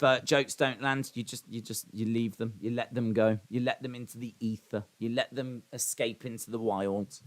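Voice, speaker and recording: A man hosts a live watch-along stream, reading chat messages and answering them in a loose, rambling way. His voice is bright and forward, and he pokes fun at himself. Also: mid-range voice. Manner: rambling, self-deprecating.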